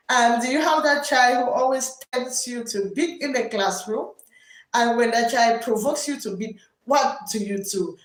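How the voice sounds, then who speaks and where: Loud, slow-talking woman teacher on a live stream. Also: sits high, reverberant, rough recording. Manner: loud teacher's voice, repeats phrases. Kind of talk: live-stream chat reading comments.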